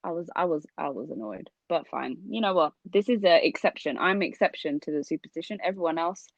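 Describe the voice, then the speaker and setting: Young woman co-host, lower voice, lively storyteller, dry recording. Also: fairly quick, gravelly, no room sound, lo-fi sound. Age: young adult. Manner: animated storyteller, laughs often. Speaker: podcast co-host. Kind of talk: casual storytelling chat.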